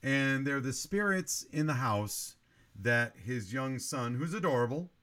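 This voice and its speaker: Animated man breaking down a film. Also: medium pitch, measured pace. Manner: analytical, talks in long run-on critiques. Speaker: movie review podcast host. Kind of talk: casual chat.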